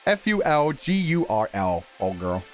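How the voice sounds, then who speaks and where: Lively British man chatting casually. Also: fairly high pitch, unhurried, faint music behind. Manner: relaxed, chatty, laughs often, swears casually. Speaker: streamer host. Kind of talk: casual chat, reading viewer donations.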